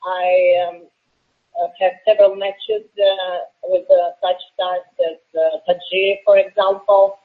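A woman in her late twenties from Russia with a Russian accent, a wrestler answering interview questions earnestly with halting fillers, heard over a tinny phone line. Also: fairly low pitch, level tone. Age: late 20s. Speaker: professional wrestler guest.

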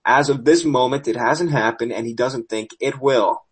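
A man's voice: mid-range voice, normal speed, husky, poor audio. A man hosting a podcast, reading wrestling news with sarcastic asides, losing his voice. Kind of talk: casual news commentary.

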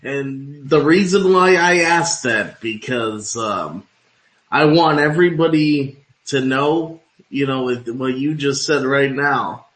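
Slow, rambling man host. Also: medium pitch, a bit bright. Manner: rambling, heavy on fillers. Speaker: interview host. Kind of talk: radio-style interview. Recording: roomy echoing room.

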